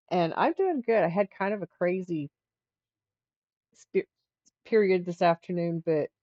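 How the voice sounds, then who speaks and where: A woman's voice: fairly low pitch, no echo, dull audio. A middle-aged woman hosting a livestream, telling a rambling story in casual chat with frequent restarts. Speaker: livestream host.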